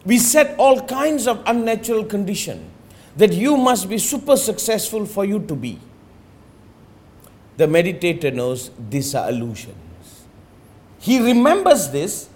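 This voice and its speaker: A man teaching about meditation in an emphatic, rhetorical way. He slows down on key phrases, sometimes drops to a near-murmur, and keeps asking "you understand?". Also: high voice, very animated, a little mellow. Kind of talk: spiritual talk.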